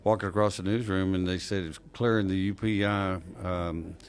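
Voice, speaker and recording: A man's voice: low voice, steady tone, moderate pace. An older man co-hosting a radio show, chatting and joking as he tells stories. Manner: chatty, joking, quotes others. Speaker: radio co-host. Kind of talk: casual radio talk.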